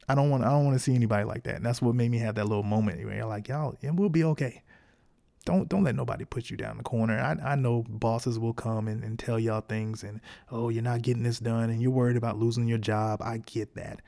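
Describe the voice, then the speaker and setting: Gravelly-voiced man hosting a podcast. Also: medium pitch, steady tone, fast talker, mellow. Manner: frank, encouraging, conversational slang. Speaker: podcast host. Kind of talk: casual solo podcast monologue.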